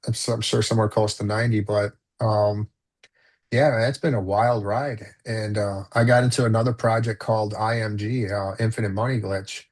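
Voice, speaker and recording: A man's voice: lowish voice, little pitch movement, moderate pace, darkish tone. A man telling a personal story as a guest in a casual conversation, rambling with lots of fillers and restarts. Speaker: podcast guest.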